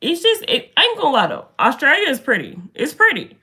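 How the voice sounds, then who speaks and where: A young woman hosts a casual live stream from a room indoors. She greets viewers by name and chats with them in an animated way. Her voice is bright and crisp. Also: high voice, brisk. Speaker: livestreamer.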